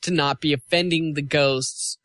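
A man's voice: fairly high pitch, fairly even intonation, a little slow, fairly bright tone, no room sound. A man co-hosting a podcast in casual chat, earnest and easily amused. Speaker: podcast co-host.

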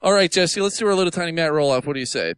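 A man's voice: on the high side, lively intonation, rapid-fire, a bit bright, clear, resonant tone, no echo. A man co-hosting a podcast in casual chat, playful and jokey. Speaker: podcast co-host.

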